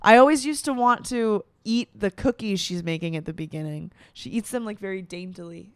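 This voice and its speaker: Young woman in her 20s goofing around, swears a lot, bouncy lively voice, dry close sound. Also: mid-range voice, fairly quick, few pauses, no echo. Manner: playful, swearing, rambling. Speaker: vlogger. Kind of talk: casual comedic monologue.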